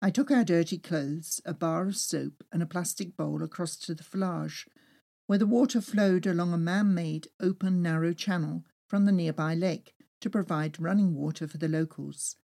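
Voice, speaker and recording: Lowish woman reading a travel memoir. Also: moderate pace, creaky. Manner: lively, expressive storytelling. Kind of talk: first-person memoir reading.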